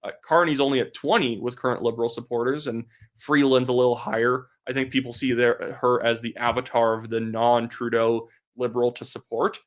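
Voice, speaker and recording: A young man from Canada talks politics in a blunt, sarcastic, dismissive way. His voice sits at an ordinary male pitch. His delivery is casual, and he fills it with quick "like"s. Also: flat delivery. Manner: fast talk with many filler "like"s. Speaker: political commentator. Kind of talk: casual opinion commentary.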